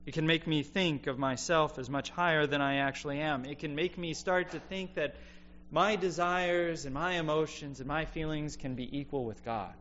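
A man delivers a sermon in an earnest, reflective manner, letting his voice sink low and quiet on key points. The recording is a bit dull and lo-fi, with a faint hum underneath. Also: fairly even intonation, moderate pace, few pauses. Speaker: preacher.

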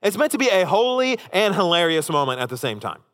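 Animated preacher in a reverberant hall. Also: male voice, high voice, brisk. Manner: animated, emphatic storytelling. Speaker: pastor. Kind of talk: sermon.

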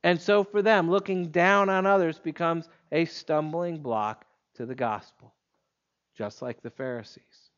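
A man preaching an expository sermon in a measured, emphatic way, leaning on pointed pauses. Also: on the high side, fairly bright tone, smooth, dull audio.

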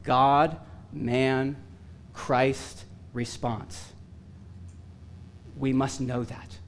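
A man preaching a sermon, earnest and emphatic with touches of self-deprecating humor, his voice going hoarse. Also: medium pitch, little pitch movement, drawn-out words, slight background noise. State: losing his voice.

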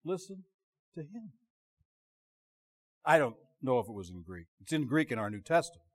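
A man preaching a sermon in a conversational way, often stopping himself mid-phrase and dropping to a quiet voice for emphasis. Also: medium pitch, expressive, quick pace. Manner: conversational, self-interrupting, drops to quiet emphasis.

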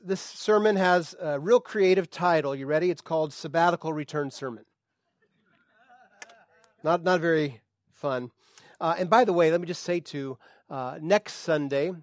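A man preaches in a loose, conversational manner, often restarting his sentences and using fillers. His voice sits a touch higher than usual. The sound is dry and close, with little room around it. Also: dry recording. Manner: relaxed, chatty, with frequent restarts and fillers. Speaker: pastor. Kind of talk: conversational sermon.

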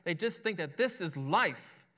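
A pastor with a high-pitched, bright, forceful voice preaches a little slowly and expressively. He talks conversationally, checking in with listeners by frequently asking "right?" and repeating words as he goes.

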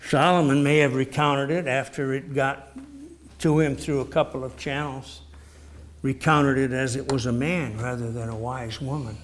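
A man preaching a sermon in a slow, measured, reflective way, posing rhetorical questions. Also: medium pitch, slight background noise.

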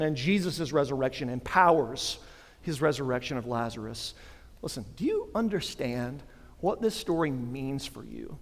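A man in his thirties, a pastor preaching an emphatic Easter sermon in a church. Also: on the high side. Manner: emphatic preaching, swelling to forceful declarations. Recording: long hall reverb.

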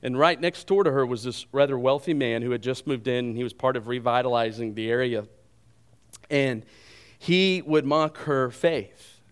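Man preaching an animated sermon. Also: mid-range voice, moderate pace, smooth. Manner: storytelling, animated, adds humor. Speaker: pastor.

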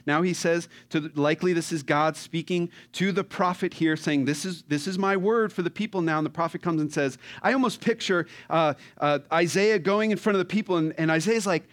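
A man's voice: on the high side, fairly quick, hardly any pauses. A man preaching a sermon from the pulpit in a casual, conversational way, asking his congregation rhetorical questions. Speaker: pastor.

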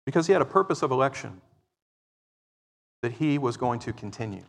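A man preaching a sermon, swinging between loud exclamations and quiet, explaining asides. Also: medium pitch, animated, a little fast, gravelly. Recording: long reverb of a large hall.

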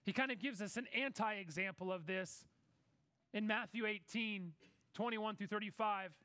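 Preacher, male, very high voice, dry close sound, conversational sermon delivery. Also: bright, forceful tone, no room sound. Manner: conversational preaching, acts out Bible characters in quick asides.

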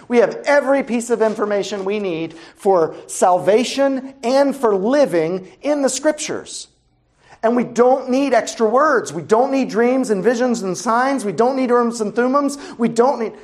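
A man's voice: sits high, a little mellow. Wry, conversational male pastor preaching. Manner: asks the listeners rhetorical questions. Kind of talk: sermon.

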